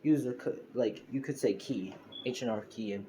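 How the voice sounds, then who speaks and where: A man's voice: fairly low pitch, brisk, few pauses, warm tone, a little hiss or hum. A man improvising a fan story as narrator, rambling with lots of fillers.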